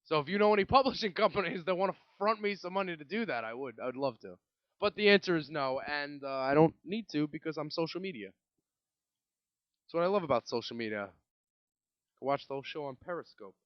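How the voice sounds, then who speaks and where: A man's voice: on the high side, lively intonation, a little fast, no echo, lo-fi sound. A young man from Brooklyn, hosting a solo podcast in a rambling, swearing rant full of restarts. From Brooklyn, New York. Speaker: podcast host. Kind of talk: casual solo podcast monologue.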